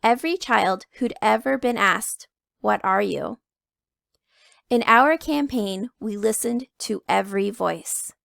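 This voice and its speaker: A woman reading a picture book aloud to children, telling it in the first person with expressive emphasis. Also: fairly high pitch, unhurried, gravelly, few pauses, no echo, studio quality. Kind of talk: read-aloud storytelling.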